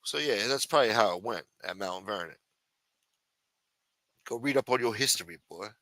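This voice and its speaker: A man's voice: fairly low pitch, expressive, normal speed, a bit bright, dry recording. A man hosting a casual late-night livestream, rambling, sarcastic and profane as he comments on the news. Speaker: host.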